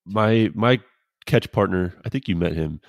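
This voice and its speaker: Low-voiced former pitcher telling stories. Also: male voice, measured pace, dry recording, studio quality. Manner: laid-back, rambling anecdotes with quoted dialogue. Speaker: podcast co-host, former pro pitcher. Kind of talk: casual storytelling chat.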